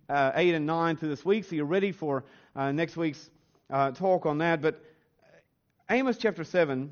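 A man with a notably high voice delivers a church sermon. He talks earnestly and pushes up in pitch and force when he stresses a point. The recording is a bit muffled and lo-fi. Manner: earnest, rising in pitch and force on emphatic lines. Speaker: pastor. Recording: slightly dull, lo-fi sound.

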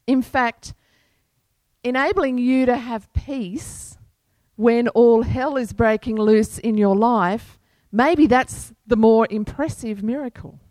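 A woman pastor delivers a sermon at a slow, deliberate pace, her voice sitting a little high. She preaches earnestly and weaves in scripture. The sound is dry and close, with no room echo. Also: a little mellow.

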